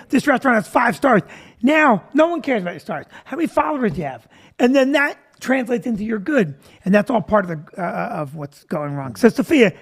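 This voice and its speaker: A middle-aged man hosting a chat show as a comedian, telling stories in a joking, self-deprecating way. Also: very high voice. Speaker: comedian and host.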